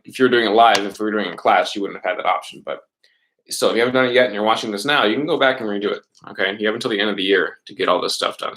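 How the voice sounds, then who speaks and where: A man teaching a middle school class over a webcam, patient, repeating words slowly and checking in with "right?" and "okay?". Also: fairly low pitch, fairly bright tone, poor audio. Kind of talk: recorded online class lesson.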